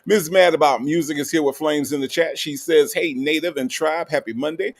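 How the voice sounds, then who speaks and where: A man's voice: on the high side, a little fast. A man hosting a casual live stream, reading viewer comments aloud and greeting each one playfully. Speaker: livestream host.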